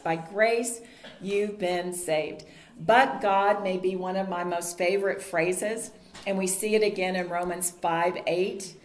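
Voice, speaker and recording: Lady preaching to a bible group, earnest and chatty, echoey room. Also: medium pitch. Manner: earnest, conversational, asks the group questions. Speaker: Bible study teacher. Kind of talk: sermon. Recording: roomy echo.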